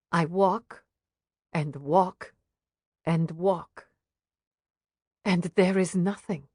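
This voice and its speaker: Slow, grave woman narrating an audiobook. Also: medium pitch, no echo, studio quality. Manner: hushed, grave first-person reading.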